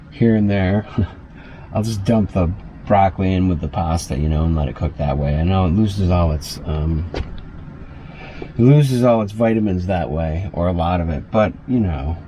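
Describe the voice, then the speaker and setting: Easygoing male vlogger, low mellow voice, rambling cooking chat, small camper kitchen, faint hiss behind. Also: lo-fi sound. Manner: chatty, loose, lots of fillers and asides. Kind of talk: casual rambling cooking vlog.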